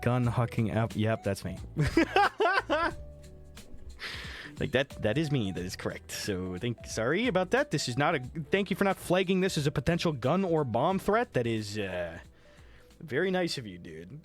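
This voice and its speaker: A man's voice: medium pitch, sing-song, moderate pace, soft background music. A man chatting casually on a live stream while sick, reading chat, thanking viewers by name and swearing freely.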